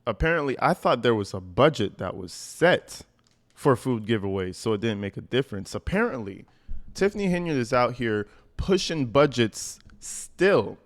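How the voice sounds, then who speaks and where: A man riffing on a news clip in casual slang. He stays emphatic and animated, and his voice sits at an ordinary middle pitch. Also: moderate pace. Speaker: commentary YouTuber. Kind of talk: casual video commentary.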